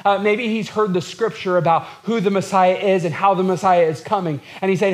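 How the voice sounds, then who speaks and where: A man's voice: high voice, fairly quick, few pauses. A man preaching a sermon as pastor, earnest and repetitive, acting out quotes from scripture.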